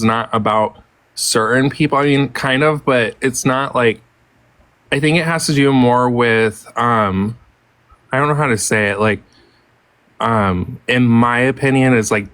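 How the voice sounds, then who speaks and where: A man's voice: medium pitch, a bit bright, dry recording. A man talking casually in a group live chat, hesitant and full of fillers and restarts.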